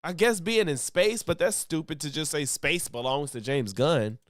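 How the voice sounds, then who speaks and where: A man with a fairly high voice gives casual reaction commentary, rambling and correcting himself as he goes. His sound is dry and close, with no room around it. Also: normal speed, no echo. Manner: rambling, with restarts and self-corrections, laughs often. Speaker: streamer reacting to videos.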